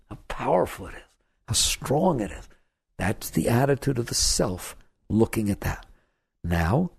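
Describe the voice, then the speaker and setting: Husky, gravelly-voiced man giving a spiritual talk. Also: mid-range voice, a little mellow. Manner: emphatic, repeats key phrases, asks the listeners questions. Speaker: spiritual teacher. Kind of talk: spiritual talk to a live audience.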